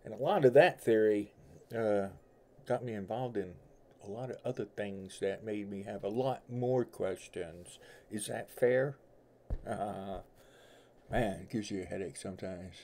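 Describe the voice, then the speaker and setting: A man's voice: lowish voice, unhurried, a little mellow, a little hiss or hum. A middle-aged man with a blend of New York and Southern accent, chatting casually and rambling folksily as host of a tarot livestream from home. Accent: mix of New York and Southern US. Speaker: tarot reader and stream host. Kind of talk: casual livestream chat with viewers.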